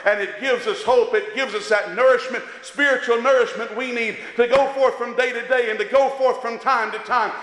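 A man preaching a sermon, impassioned and rising to shouts at times, recorded in an echoey church hall. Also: very high-pitched, fairly even intonation, normal speed, hardly any pauses. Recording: echoey hall with long reverb.

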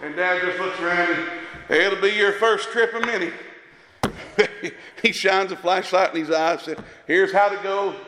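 A man preaching a sermon, impassioned and rising to shouts at times, recorded in an echoey church hall. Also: high voice, moderate pace, a little hiss or hum. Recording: echoey hall with long reverb.

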